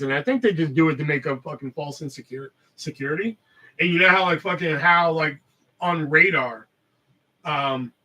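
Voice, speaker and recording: A man's voice: a little high, bright, forceful tone, far from the mic, rough recording. A man hosting a live podcast, telling rambling stories in casual, heavily profane chat. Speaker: podcast host.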